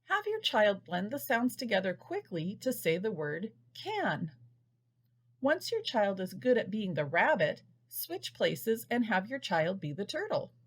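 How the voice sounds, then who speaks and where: A woman giving a scripted lesson to parents, patiently sounding out words slowly. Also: medium pitch, big pitch swings, breathy edge. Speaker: early reading instructor. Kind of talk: scripted instructional narration.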